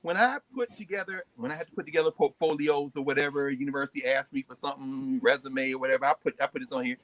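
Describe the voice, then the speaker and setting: A man's voice: medium pitch, fast talker, fairly bright tone, no room sound. A man hosting a live class, talking emphatically and often repeating words as he builds a point. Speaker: host and lecturer. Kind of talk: animated classroom talk.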